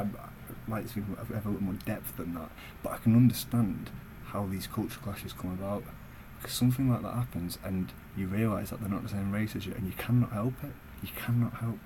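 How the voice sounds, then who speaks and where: A man's voice: lowish voice, brisk, noisy background. A young man tells a story in a blunt, sweary rant for his vlog. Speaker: vlogger.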